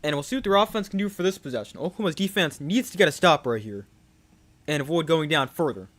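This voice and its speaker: A young man giving live play-by-play commentary on a football game, growing excited on big plays. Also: fairly high pitch, fast. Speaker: play-by-play streamer.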